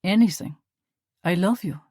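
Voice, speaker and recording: A woman voicing a young German man who is charming on the surface but controlling, speaking smoothly with a sharp edge, recorded dry. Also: on the low side, moderate pace, no room sound.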